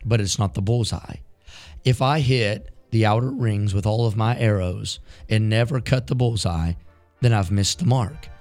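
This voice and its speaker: A man's voice: on the low side, normal speed, a little mellow, soft background music. A man who is a pastor, preaching a sermon built on repeated rhetorical questions.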